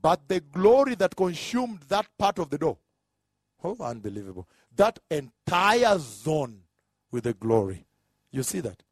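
A man preaching a sermon, repeating phrases and rising to shouts as he describes what he saw. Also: fairly high pitch, big pitch swings, unhurried, no echo, studio quality. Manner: emphatic, repetitive, builds to shouts; describes with gestures, "like this".

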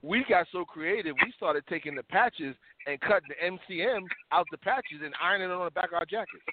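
Animated New man, tinny line. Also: high voice, a little fast. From New York. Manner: animated storytelling with slang. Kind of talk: casual discussion. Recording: tinny phone-like sound, dry.

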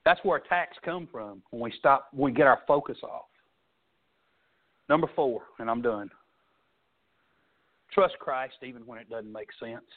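A man preaching a sermon, telling folksy stories and swinging between loud and soft. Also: medium pitch, a little slow, long pauses. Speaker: pastor. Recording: tinny phone-like sound.

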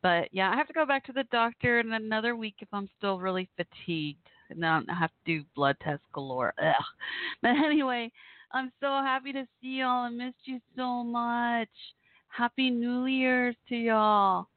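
A woman's voice: on the high side, lively intonation, normal speed, dry recording. A woman hosting a casual online radio show, her voice weak after the flu, chatting fondly with listeners. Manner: chatty, affectionate, addresses listeners directly. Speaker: internet radio host. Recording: tinny phone-like audio, dry.

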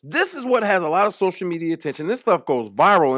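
A man hosts a political talk radio show. He delivers an emphatic, repetitive monologue in a fairly high voice that rises and falls a lot. The recording is dry and close. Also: sing-song, fast talker, hardly any pauses, fairly bright tone, no echo.

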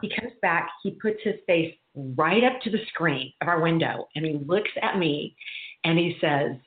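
Animated woman telling a story over a phone line. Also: deep voice, normal speed. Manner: animated storyteller, acts out quotes with laughs. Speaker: guest speaker. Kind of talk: casual storytelling chat. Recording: tinny phone line, echoey room.

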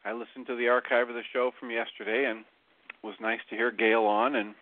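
A man calling in to a radio show and giving a relaxed report on a group meeting, with many fillers. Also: medium pitch, a little fast, gravelly. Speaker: regular caller, group leader. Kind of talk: casual call-in report. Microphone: phone. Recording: dry phone-line audio.

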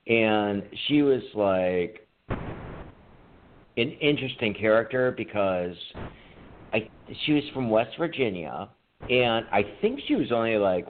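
A man co-hosting a podcast, telling rambling, profane stories in casual chat. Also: medium pitch. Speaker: podcast co-host. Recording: tinny phone-like line with faint noise.

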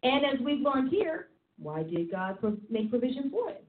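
High-voiced woman preaching over a tinny line. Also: big pitch swings, moderate pace, a little hiss or hum. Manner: emphatic, repetitive, chatty with laughs. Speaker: apostle and preacher. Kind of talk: teaching sermon. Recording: tinny phone-like sound in an echoey room.

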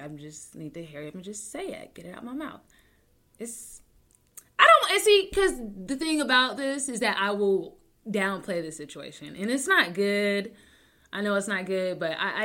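A young adult woman hosting her own talk show, rambling with many restarts, joking to deflect, swinging between loud bursts and soft mumbles. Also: medium pitch. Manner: rambling, self-interrupting, jokes to deflect. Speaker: podcast host. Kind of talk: casual personal talk show.

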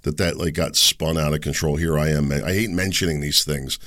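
A man's voice: steady tone, moderate pace, a bit bright. A man hosting a solo political commentary, rambling and sarcastic, often mocking others. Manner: rambling, sarcastic, mocks others in high sneering voices.

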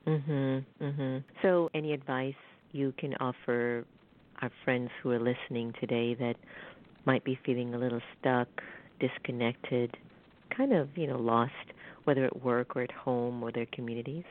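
A woman's voice: extremely low pitch, steady tone, moderate pace. A woman hosting an interview, chatting casually and prompting her guest with questions. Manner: conversational, prompting with questions and fillers. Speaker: host. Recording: tinny phone line.

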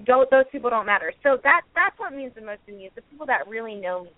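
A woman's voice: a little high, expressive, quick pace, no room sound. Defensive woman guest on a phone line. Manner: candid, defensive, rambling with restarts. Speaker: reality show cast member, guest. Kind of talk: phone-in radio interview. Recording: tinny phone line, dry.

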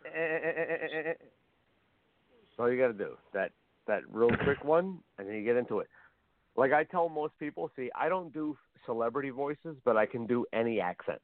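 A man's voice: medium pitch, animated, brisk. A man chatting bluntly and rambling on a call-in radio show, heard over a phone-line connection. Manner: blunt, rambling, repeats himself. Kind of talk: casual chat.

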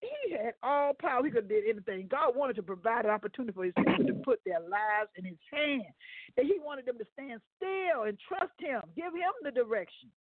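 A man's voice: extremely high pitch, sing-song, brisk, dry recording. Male guest preacher, folksy radio sermon, thin phone-line sound, dry. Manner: folksy, stumbles over words, talks to the listeners.

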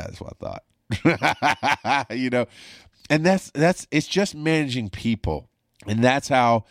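A man's voice: fairly low pitch, no echo, studio quality. A man hosting his own show, a former paramedic telling stories in a blunt, profane, rambling way. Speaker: podcast host, former paramedic. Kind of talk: casual storytelling monologue.

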